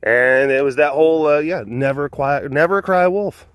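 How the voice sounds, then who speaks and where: A man's voice: fairly high pitch, moderate pace, clean tone, no echo. A man casually retelling old fables, rambling and full of filler words. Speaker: host. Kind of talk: casual storytelling.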